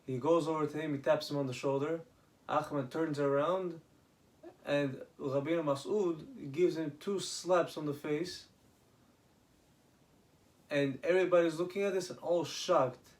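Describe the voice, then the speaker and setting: A man casually retelling rabbinic stories, halting, with many restarts and Hebrew terms. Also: a little high, fairly even intonation. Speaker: storyteller.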